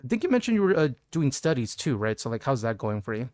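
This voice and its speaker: A man's voice: mid-range voice, big pitch swings, fast, a little mellow, dry recording, studio quality. A man streaming live, chatting casually with viewers, goofing around and singing bits of songs. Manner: goofy, sings song snippets and jokes with chat.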